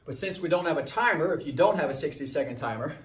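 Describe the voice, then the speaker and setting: The man is a fitness coach working through a circuit alongside his class, a bit breathless, repeating pointers about form and timing as he shows each move. He talks fast, with a voice on the high side and lively intonation, recorded from far off in an echoey space.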